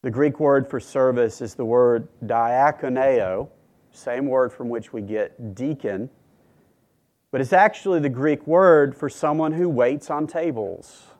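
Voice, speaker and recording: A man preaching a sermon in a measured, earnest way, with dramatic pauses. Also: medium pitch, a little mellow, muffled recording.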